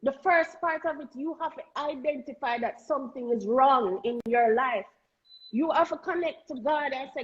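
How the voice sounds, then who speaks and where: A woman's voice: high-pitched, moderate pace, lo-fi sound. A woman with a Jamaican accent, a guest talking candidly and earnestly, often stumbling and repeating words as she makes her point. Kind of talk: candid conversational talk.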